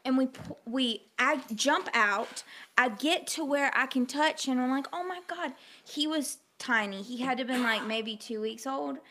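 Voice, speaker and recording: A woman with a notably high voice, chatting casually. She tells her story in an animated way, leaning on "like" constantly. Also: normal speed, slight background noise. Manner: animated storyteller, heavy use of "like". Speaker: guest telling a story. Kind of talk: casual chat.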